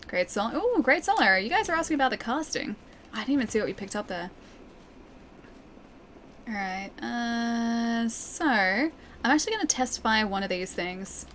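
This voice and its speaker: A chatty Australian woman plays a game on a live stream and keeps up an easy back-and-forth with her chat. Her voice sits a little high, and she laughs often between remarks. A faint hum of room sound stays in the background. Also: lively intonation, moderate pace, a bit bright. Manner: chatty, laughs often, reads viewer comments aloud. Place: living room at home.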